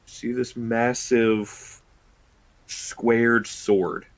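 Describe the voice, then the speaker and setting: A man narrating a tabletop game as dungeon master, describing scenes slowly and deliberately with pauses. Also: medium pitch, flat delivery, rough recording.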